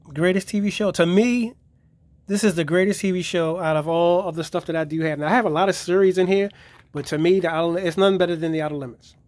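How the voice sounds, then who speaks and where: Brief: man, higher voice, rambling and profane, dry close mic. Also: fairly even intonation, quick pace, a little mellow, no room sound. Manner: profane, rambling retelling of episodes. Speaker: collector reviewing his DVD collection. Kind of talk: casual video review.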